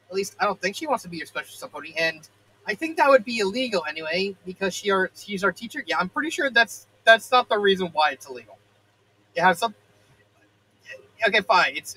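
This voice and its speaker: Brief: man in his 30s reading fan fiction aloud; high, slightly husky voice, self-correcting. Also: lively intonation, fast talker, sharp tone, rough recording. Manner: stumbles, self-corrects and breaks off into joking asides.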